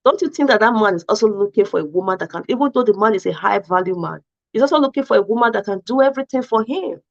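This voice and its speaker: A woman's voice: mid-range voice, expressive, fast, vocal fry, highs cut off. A woman host reacting to a clip, affirming points and posing questions back. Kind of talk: talk-show commentary.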